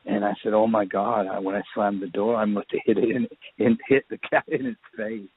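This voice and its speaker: Low-voiced man telling stories over phone. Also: level tone, brisk, slightly rough. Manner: rambling anecdotal storyteller. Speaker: filmmaker guest. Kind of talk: casual storytelling interview. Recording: tinny phone line.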